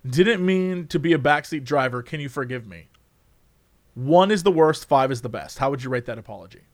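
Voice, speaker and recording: A man's voice: medium pitch, animated, fairly quick, no room sound, clean studio sound. A young man hosting a casual chat, reading quiz questions aloud and joking about the answers, with some swearing. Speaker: host.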